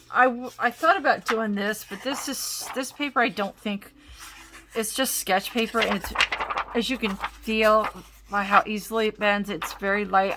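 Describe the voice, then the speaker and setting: A woman's voice: mid-range voice, vocal fry, noisy background. A woman hosting a casual art supplies demo at home, chatting and rambling as she tries crayons. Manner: chatty, rambling, self-interrupting. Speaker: art supplies video host. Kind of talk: casual crafting demo talk. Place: home craft desk.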